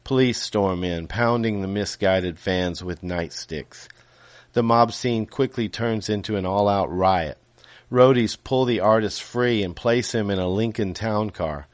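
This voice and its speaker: A man reading his own novel aloud in a measured way, with small self-corrections and casual asides. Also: fairly low pitch, no room sound.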